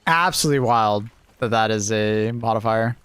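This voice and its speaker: A man's voice: fairly low pitch, normal speed, a bit bright, slight background noise. A young man streaming a game in casual chat, laid-back, swearing freely and chuckling often.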